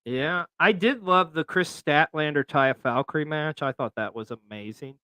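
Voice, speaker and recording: A man co-hosting a casual wrestling chat show, chatty and excitable. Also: on the high side, moderate pace, clear, resonant tone, dry recording. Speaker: co-host.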